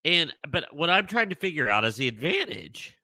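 A man's voice: a little high, big pitch swings, moderate pace, pushed and bright, no room sound. A man co-hosting a casual podcast chat, playful and laughing often as he talks. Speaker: podcast co-host.

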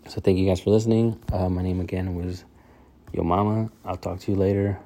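A man's voice: sits low, flat delivery, fairly quick, dark tone. A man hosting his own podcast, chatting loosely on his own with lots of fillers and restarts. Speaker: podcast host. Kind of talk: casual solo podcast chat.

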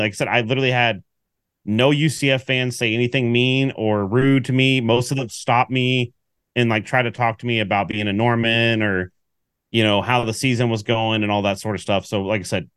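A man's voice: medium pitch, clear, resonant tone, dry recording. Guy ranting about a football trip, acting out what people said, dry mic. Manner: animated storyteller, acts out quotes. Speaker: podcast co-host. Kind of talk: casual sports chat.

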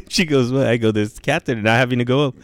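A man's voice: mid-range voice, fairly quick, no echo. A young man telling a story in casual chat, laid-back and loose, swearing a lot and saying dude and bro.

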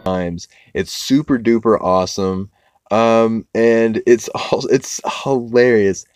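A man's voice: fairly low pitch, takes it slowly, darkish tone, clean tone, no echo, clean studio sound. A young man hosting a podcast, recapping cartoons in a loose, rambling way, swearing freely. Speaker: podcast host.

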